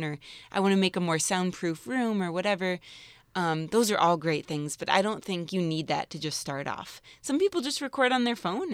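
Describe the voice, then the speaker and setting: A woman voice actor chatting in an interview, bubbly and animated, laughing often. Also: lowish voice, dry recording. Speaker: voice actor guest. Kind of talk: casual interview chat.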